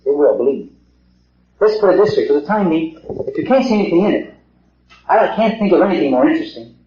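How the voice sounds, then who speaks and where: Man, middle-aged, fairly high voice, earnest lecturer; dull 1950s tape in an echoey hall. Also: animated, fast. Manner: earnest, rhetorical questions, repeats himself. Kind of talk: public talk to a small group. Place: meeting hall.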